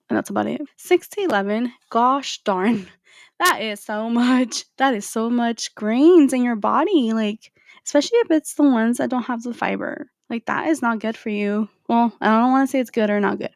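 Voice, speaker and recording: A woman's voice: on the high side, gravelly, a little mellow, dry recording, studio quality. A woman in her thirties hosting a solo podcast, talking casually and directly to her listeners. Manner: casual and chatty, talks straight to listeners. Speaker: podcast host.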